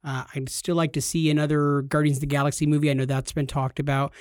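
Easygoing man with a higher voice. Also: level tone, fast talker, no echo, clean studio sound. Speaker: podcast co-host. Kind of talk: casual chat.

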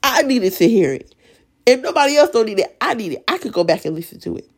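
Woman, gravelly hoarse-sounding voice, emotional devotional chat, halting restarts. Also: fairly high pitch, sing-song. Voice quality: raspy voice from sinuses. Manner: emotional, earnest faith testimony with stutters and restarts. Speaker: Bible study leader. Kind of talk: casual devotional talk.

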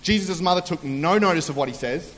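High-voiced preacher in a reverberant hall. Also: male voice, brisk, a bit bright. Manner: chatty storytelling with acted-out quotes. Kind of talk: humorous sermon.

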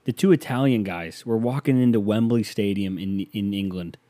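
This podcast host is a man from the United States who rambles sarcastically through a monologue, speaking close to the mic. His lowish, warm voice moves at a normal speed, with no room sound at all.

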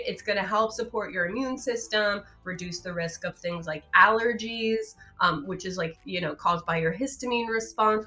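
A woman's voice: mid-range voice, pushed and bright. A woman, a naturopathic doctor, talking casually on a live show, explaining health topics in a chatty way with many fillers.

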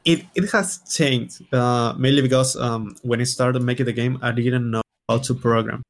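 Man, developer, slow halting explanations, mid pitch, casual. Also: fairly even intonation. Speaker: game developer. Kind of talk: casual interview chat.

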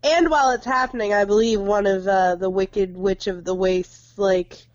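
A woman's voice: mid-range voice, fairly even intonation, normal speed, no echo, dull audio. A woman in casual chat, emphatic and swearing, ranting about a film. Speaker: podcast co-host.

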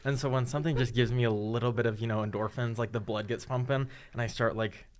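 Young male co-host, deadpan casual talker, average pitch. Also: fast talker. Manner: deadpan, full of "like" fillers. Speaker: podcast co-host. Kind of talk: casual chat.

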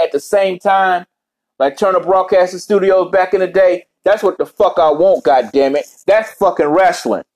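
Man, casual vlog rant, slightly high voice, swears nonstop and rambles. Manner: cursing constantly, rambling, animated. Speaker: vlogger.

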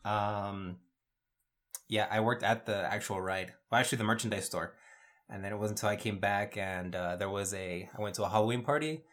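A male podcast guest tells his story plainly and matter-of-factly. His voice sits a bit low. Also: fairly quick, a bit bright. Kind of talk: casual chat.

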